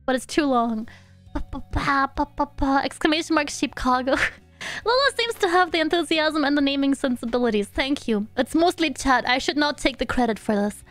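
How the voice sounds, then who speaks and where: Giggly high-voiced woman streamer. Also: moderate pace, a bit bright, no echo, faint music behind. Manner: playful and giggly, babbling along to game sounds. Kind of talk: casual live-stream gameplay chat.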